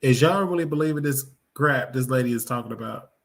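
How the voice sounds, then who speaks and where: A man's voice: medium pitch, a little fast, vocal fry. A man hosting a live reaction commentary show, talking in an emphatic, preachy way and repeating his points.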